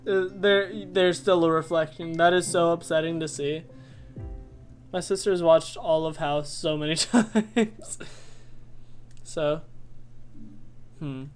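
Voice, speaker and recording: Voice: medium pitch, takes it slowly, long pauses, smooth, faint music behind. A streamer chatting casually during a live game stream, telling stories with frequent laughter. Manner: giggly, animated storytelling.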